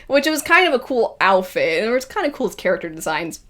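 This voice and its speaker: A woman reviewing a series in a casual spoken style, lively and acting out her own quoted reactions. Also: sits high, a little fast, hardly any pauses. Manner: animated, acts out quoted reactions. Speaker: video reviewer.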